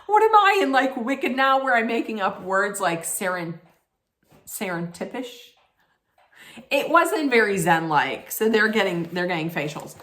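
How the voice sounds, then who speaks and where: Woman recap host, chatty and rambling, with an animated pitch and a slow pace. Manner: chatty, rambling, corrects herself often. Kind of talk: casual reality TV recap.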